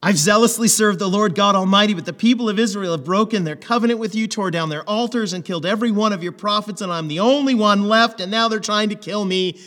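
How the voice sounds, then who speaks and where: A preacher voicing an aggrieved weary prophet. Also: male voice, sits high, fast talker, few pauses, a bit bright, in a large hall, voice pushed up. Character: weary aggrieved male prophet complaining to God.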